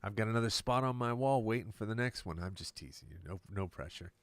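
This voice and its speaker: A male musician and producer chatting casually on a live stream from his recording studio, relaxed and explanatory. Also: lowish voice, quick pace, no room sound.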